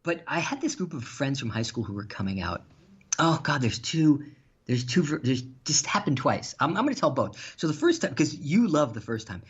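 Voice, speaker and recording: A man's voice: a little high, normal speed, slightly rough. A man telling funny stories on a podcast as a guest, laughing as he goes. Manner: animated, laughs while telling anecdotes. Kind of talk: casual storytelling. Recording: dull lo-fi sound.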